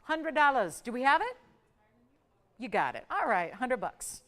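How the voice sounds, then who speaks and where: A woman hosting a live TV jewelry auction, calling out bids in brisk, upbeat sales patter. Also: high voice, big pitch swings, fairly bright tone, big-room sound. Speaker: live shopping auction host.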